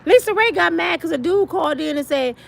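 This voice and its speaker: Animated, high-voiced gossiping woman. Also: fairly quick, gravelly. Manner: blunt, animated, profane storytelling. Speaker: vlogger. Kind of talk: celebrity gossip commentary.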